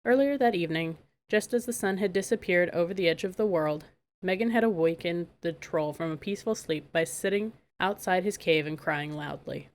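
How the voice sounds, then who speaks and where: A woman narrating a fairy-tale audiobook in a calm, measured way. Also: lowish voice. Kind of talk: storybook narration.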